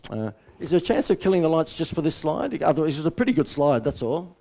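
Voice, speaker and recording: A man's voice: fairly high pitch, big pitch swings, quick pace, gravelly, warm tone. A middle-aged Australian man giving a live seminar talk as a business coach, blunt and joking as he tells stories. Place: seminar room.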